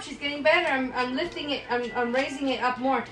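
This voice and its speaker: A woman's voice: high-pitched, expressive, a little slow, few pauses, sharp tone, recorded from a distance, soft background music, rough recording. A woman filming a pet vlog, praising and coaxing her dog in a playful sing-song voice and giggling often.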